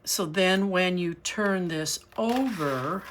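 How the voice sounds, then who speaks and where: A middle-aged woman narrating a casual crafting tutorial, chatty and unhurried, pausing with fillers as she works. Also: fairly low pitch, slight background noise. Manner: chatty, with frequent fillers and restarts while working. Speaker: crafting channel host.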